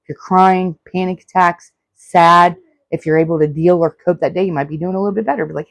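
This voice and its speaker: A woman's voice: fairly low pitch, fairly quick, dry recording. A woman in her forties hosting a solo self-help podcast, talking earnestly and repeating her advice. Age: 40s. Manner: earnest, repetitive, advice-giving. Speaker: podcast host.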